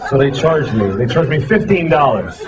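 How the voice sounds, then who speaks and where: Male stand-up, halting rambling delivery, animated pitch, heavy audience noise on a live recording. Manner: hesitant, rambling, profane. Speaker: stand-up comedian. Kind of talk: stand-up comedy. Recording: live club with loud crowd noise. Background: audience laughter.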